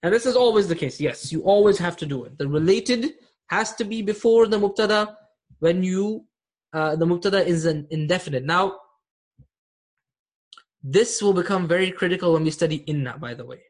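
A man's voice: high voice, moderate pace, darkish tone. A man teaching an online Arabic grammar class, explaining patiently and often checking that students follow.

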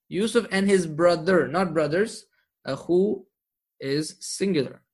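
A man's voice: high-pitched, unhurried, breathy edge. A man teaching an Arabic grammar lesson, patiently quizzing his students and checking in with frequent questions.

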